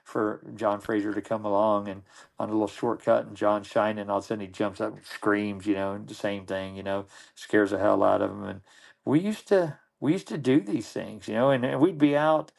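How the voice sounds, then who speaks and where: Gravelly low-voiced middle-aged man. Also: steady tone, fairly quick, darkish tone. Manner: rambling, with frequent restarts and repeated words. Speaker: podcast guest. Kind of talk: casual anecdotal storytelling.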